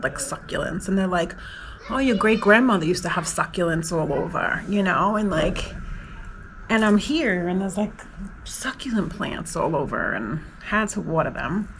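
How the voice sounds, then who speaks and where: A woman's voice: fairly low pitch, background noise. Chatty New woman vlogger. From New York, USA. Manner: emotional, rambling, lots of "like" fillers. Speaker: travel vlogger. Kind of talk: casual personal vlog.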